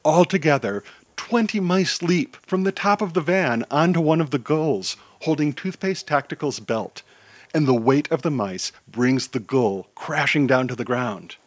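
A man hosts a podcast and narrates a children's superhero story with an animated, theatrical delivery. His voice is on the high side and a little slow, and the recording is dry.

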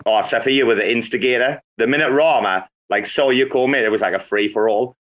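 Brief: young British man, mid-pitched, rowdy sweary banter on an online call. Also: a little fast, a bit bright. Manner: swearing, teasing, theatrical. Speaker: regular on a crypto chat space. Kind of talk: casual banter on an audio call.

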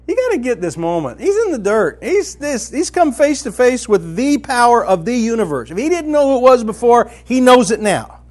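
A man teaching from the Bible in a conversational, colloquial style, telling the story vividly and swinging from loud to hushed. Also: very high-pitched. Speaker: preacher.

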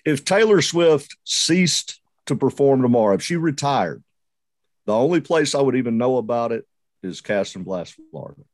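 A man's voice: mid-range voice, sing-song, moderate pace, no room sound. A man calling in to a podcast over a video call, chatting in a wry, easygoing way. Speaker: guest caller. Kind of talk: casual call-in chat.

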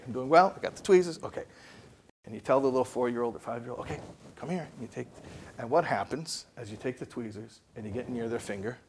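A man delivering a lively motivational talk in a gravelly, slightly husky voice. He leans on rhetorical questions and acts out little scenes as he tells stories. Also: mid-range voice. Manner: storytelling with rhetorical questions and acted-out dialogue. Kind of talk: animated motivational lecture.

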